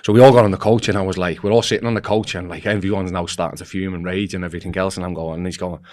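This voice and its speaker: A man with a low voice, talking very fast, guests on a football podcast and tells a rambling story in a casual way. He's animated, acting out the voices of the people in it, and keeps restarting his sentences.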